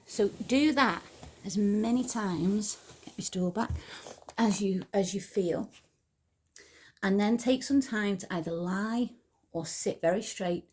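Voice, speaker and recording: A woman at home, softly guiding a meditation and movement practice at an unhurried pace, with quiet whispered asides. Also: medium pitch. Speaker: spiritual teacher. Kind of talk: guided meditation and movement instruction.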